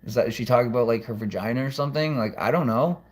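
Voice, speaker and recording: A man's voice: mid-range voice, rapid-fire, a little mellow. Man, casual vlog monologue, rambling, swears a lot, restarts sentences. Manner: rambling, profane, frequent restarts. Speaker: vlogger.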